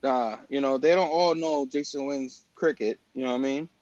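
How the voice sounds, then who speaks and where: A man's voice: mid-range voice, moderate pace, darkish tone, no room sound, dull audio. A man hosting a casual comic book talk show, rambling with lots of fillers and restarts. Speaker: podcast host. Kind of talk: casual chat.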